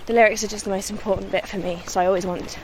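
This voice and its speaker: A woman's voice: medium pitch, fairly even intonation, rapid-fire, slight background noise. A young woman from the West Midlands, a singer-songwriter, chatting modestly and laughing easily as she is interviewed on a countryside walk. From West Midlands, England. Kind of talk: casual outdoor interview on a walk. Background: faint outdoor ambience and distant vehicles.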